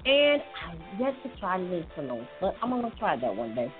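A woman's voice: on the low side, sing-song, moderate pace. A woman hosting a casual tips show, chatting loosely with many fillers and restarts. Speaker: host giving health tips. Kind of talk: casual chat. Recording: tinny phone-like audio with faint music.

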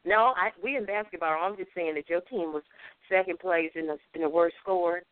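A woman's voice: fairly low pitch, fairly quick, no echo. Playful woman co-host over the phone. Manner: playful, teasing, rhythmic. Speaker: co-host reciting sports rhymes. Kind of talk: casual radio chat and rhymed rundown. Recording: tinny phone-line sound.

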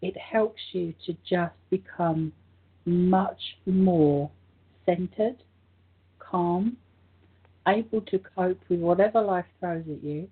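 A woman co-hosting a spiritual talk show, her voice croaky, gently guiding listeners through a meditation. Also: fairly low pitch, steady tone, slow pace. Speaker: co-host. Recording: tinny phone-like line.

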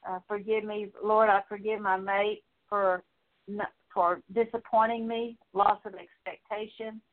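A woman Bible teacher leading a prayer of confession in earnest, repetitive petitions with halting pauses. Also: mid-range voice, level tone. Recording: tinny phone-like recording.

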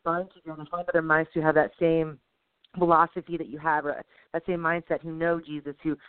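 A woman co-hosting a casual faith podcast, exhorting listeners in a lively, preachy way. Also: low voice, brisk, clear, resonant tone, no room sound, narrow, tinny audio. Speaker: co-host.

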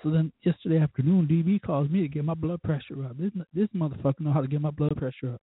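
A man's voice: fairly high pitch, steady tone, fast talker, breathy edge, no echo. Podcast host, male, profane fired-up ranter; dry, phone-quality audio. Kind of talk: casual ranting monologue.

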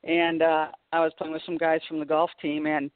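A woman's voice: low-pitched, completely flat delivery, moderate pace, no echo. A woman in her fifties, a guest golf pro, chatting casually and laughing often during a phone-in radio interview. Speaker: guest professional golfer. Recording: tinny dry phone line.

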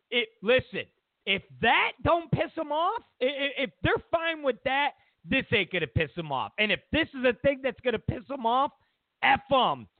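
Over tinny, narrowband audio with no echo, a man with a very high-pitched voice delivers opinionated political commentary as a talk show host. He rants and mocks, acting out the quotes he cites.

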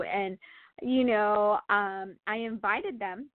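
A woman telling a personal faith story in casual, animated chat, with lots of fillers and laughter. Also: fairly high pitch, moderate pace, dry recording. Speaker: guest sharing testimony. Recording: tinny phone-like line, dry.

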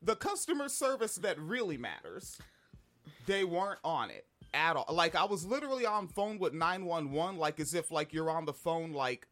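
High-voiced man telling a story. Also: normal speed. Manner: profane, animated storytelling. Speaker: podcast co-host. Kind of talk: casual chat.

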